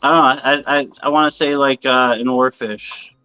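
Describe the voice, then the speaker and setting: Guest, male, bright and forceful, dry and slightly dull lo-fi sound, loose and profane. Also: medium pitch, steady tone, normal speed, smooth, dry recording, faint music behind. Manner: rambling storyteller, swears casually. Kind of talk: casual interview chat.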